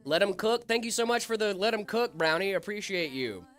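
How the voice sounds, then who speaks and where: A man's voice: high-pitched, expressive, fairly quick, fairly bright tone. A man hosting a casual tech livestream, joking around and answering viewer questions.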